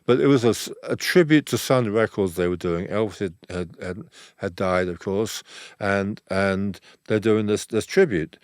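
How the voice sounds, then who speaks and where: Older male guest, low voice, rambling anecdotes, bone-dry recording. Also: normal speed, no echo. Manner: rambling, acts out quoted dialogue. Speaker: photographer, interview guest. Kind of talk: relaxed anecdotal storytelling.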